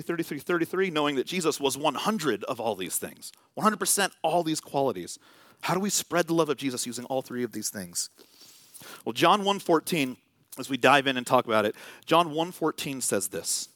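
A man's voice: a little high, fairly bright tone, dry recording. A man preaching a sermon in a church, telling stories in a loose, conversational way with many fillers. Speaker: pastor. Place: church sanctuary.

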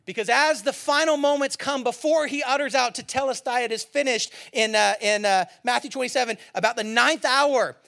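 A man preaching a sermon as pastor, animated and quick to laugh, swinging from loud emphasis to hushed, quiet lines. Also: extremely high pitch, creaky.

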